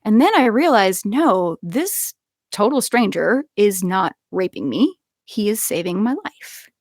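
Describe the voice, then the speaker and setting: A young woman telling a personal story in casual conversation, animated, with frequent laughs and many restarts. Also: medium pitch, a little slow, no room sound, studio quality. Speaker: podcast guest.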